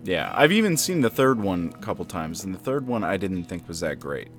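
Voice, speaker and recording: Laid-back low-voiced man. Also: very animated, fairly quick, music in the background. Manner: laid-back, wry, says "dude" a lot. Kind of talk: casual chat.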